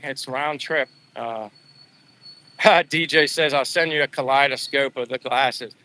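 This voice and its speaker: A middle-aged man with a very bright, edgy tone and a somewhat raised pitch. He tells a personal story on a casual live stream. His delivery rambles and restarts, and he is openly emotional. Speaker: vlogger.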